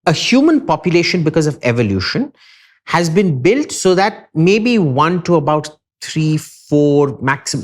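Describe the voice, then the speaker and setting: A man with an Indian accent, a podcast guest lecturing emphatically and with strong opinions in a casual discussion. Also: a little high.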